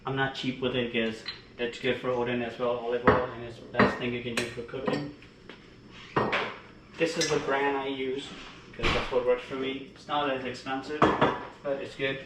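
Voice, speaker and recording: A man talks in an easy, informal way, walking through each step in his home kitchen. His voice sits at an ordinary pitch. The room is echoey, with clear household noise behind him. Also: little pitch movement, moderate pace. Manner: chatty, informal, explains step by step. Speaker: dog owner and trainer. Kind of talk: casual home cooking vlog. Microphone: camera held by a helper.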